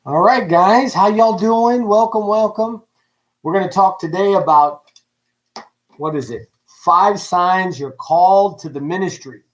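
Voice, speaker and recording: A man preaching on a livestream in a lively, joking way, asking his audience many questions. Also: high voice, unhurried, poor audio. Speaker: pastor. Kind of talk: livestreamed ministry teaching.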